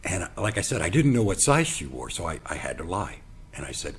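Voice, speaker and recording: A man hosting his own show, telling a personal story in an animated way and acting out the dialogue. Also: low voice, a little fast, slight background noise. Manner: animated, acts out quoted dialogue. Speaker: podcast host.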